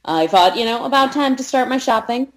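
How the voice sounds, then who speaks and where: A woman's voice: fairly high pitch, lively intonation, a little fast. A woman co-hosting a casual podcast chat with a dry, sarcastic manner. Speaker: podcast co-host.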